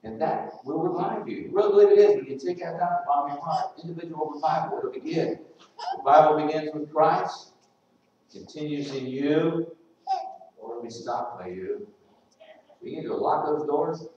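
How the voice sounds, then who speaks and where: A man's voice: on the high side, moderate pace, warm tone. Man, church preacher, chatty sermon with questions to the pews; far from the mic, dull and echoey. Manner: conversational, asks the congregation questions. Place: church sanctuary.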